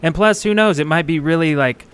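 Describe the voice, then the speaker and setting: A man co-hosting a podcast in casual chat, easygoing and quick to agree and laugh. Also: on the high side, a bit bright, clean tone. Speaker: podcast co-host.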